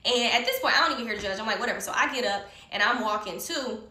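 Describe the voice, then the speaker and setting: Heated, bright-voiced woman telling a story. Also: a little high, quick pace, recorded from a distance. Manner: heated, profane, animated. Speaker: vlogger telling a personal story. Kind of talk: casual storytime. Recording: roomy echo.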